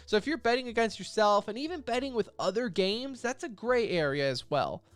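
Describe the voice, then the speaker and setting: A man's voice: sits high, lively intonation, brisk, no echo. A man co-hosting an esports podcast, running through news items in a loose, joking way. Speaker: podcast co-host. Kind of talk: casual esports podcast chat.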